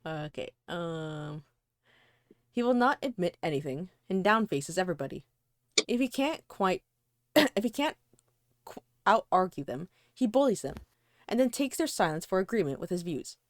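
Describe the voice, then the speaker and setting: A woman's voice: lowish voice, big pitch swings, moderate pace, dry recording, studio quality. A woman reading a novel aloud for a casual book club, giggly between passages. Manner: giggly, reads long passages. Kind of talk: casual read-aloud and chat.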